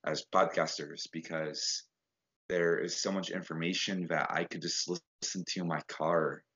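A man's voice: sits low, level tone, measured pace, a bit bright, husky. A man talking as a podcast guest, earnest and rambling with fillers in a casual chat. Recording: dull lo-fi sound.

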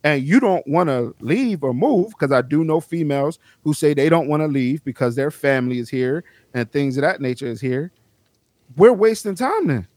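A man's voice: animated, normal speed, darkish tone, dry recording. A man co-hosting a casual group podcast, teasing and joking with friends. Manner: teasing, joking, swings high and low.

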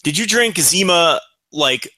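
A man co-hosts a casual podcast with a bright, sharp tone. He teases with dry, wry humor, his voice close and dry in the recording. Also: fairly high pitch, animated, unhurried, no room sound. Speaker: podcast co-host. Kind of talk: casual chat.

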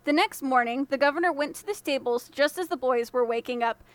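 Woman, storyteller, fairy tale narration, measured, high pitch, dry. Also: clean tone, dry recording. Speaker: podcast storyteller.

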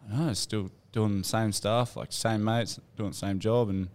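An Australian podcast co-host passes off a long joke as his own story among mates, voicing each character and swearing freely in animated style. His voice sits on the low side, at normal speed.

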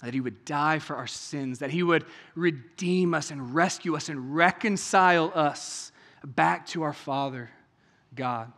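A man preaching a sermon in a church, talking conversationally, asking many rhetorical questions and moving between hushed, intimate passages and raised, emphatic ones. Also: fairly high pitch, unhurried, long reverb tail. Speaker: pastor. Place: church sanctuary.

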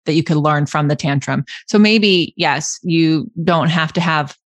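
Low-voiced woman host, dry sound. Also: measured pace, no echo. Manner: reflective, with many restarts. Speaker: podcast host. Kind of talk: casual conversation.

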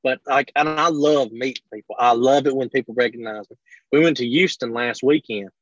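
A man's voice: medium pitch, brisk, no room sound, highs cut off. A man, an online creator chatting casually on a podcast, swearing and acting out what people said. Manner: profane, storytelling, acts out quotes.

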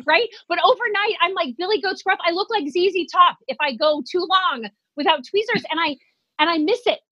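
A woman in her forties telling comic stories about aging, animated and self-deprecating, acting out little quotes. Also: very high-pitched, no room sound, muffled recording. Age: 40s. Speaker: comedian guest. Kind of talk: comedic storytelling in conversation.

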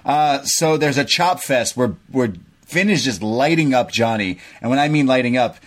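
A man's voice: medium pitch, animated, normal speed. A man from Canada co-hosting a podcast, casually recapping a wrestling show play by play. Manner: chatty, recaps events play by play. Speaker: podcast co-host. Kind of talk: casual wrestling review chat.

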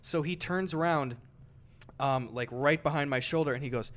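A man's voice: on the high side, moderate pace, fairly bright tone. A man co-hosting a podcast, telling a story in casual chat with lots of swearing and acted-out quotes. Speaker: podcast co-host.

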